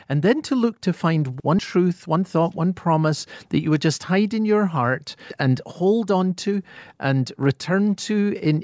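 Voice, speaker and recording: A man with a Scottish accent, a pastor and author giving earnest, gently humorous answers as a guest in a radio interview. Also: fairly high pitch, dry recording, clean studio sound.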